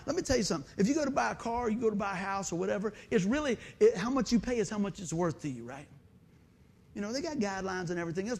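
A middle-aged male pastor, preaching a folksy, animated sermon full of stories and calls for amen. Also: high-pitched, slightly rough. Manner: folksy, animated, storytelling with asides and call-and-response.

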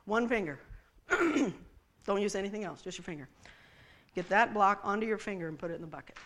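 A woman's voice: mid-range voice, brisk, fairly bright tone. A woman preaching a sermon to a congregation, playful and teasing as she talks to the people in the room. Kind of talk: sermon with props.

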